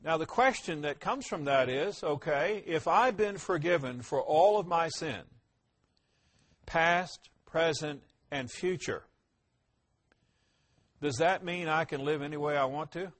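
A man with a high-pitched voice delivers a sermon as a pastor. He asks rhetorical questions and answers them firmly, swinging from loud emphasis to hushed, low asides. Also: animated, normal speed, hardly any pauses.

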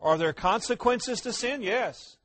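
A man preaching a sermon, posing rhetorical questions and answering them emphatically, his voice rising loud and dropping quiet. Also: very high voice, lively intonation, a little slow, slight background noise. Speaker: pastor.

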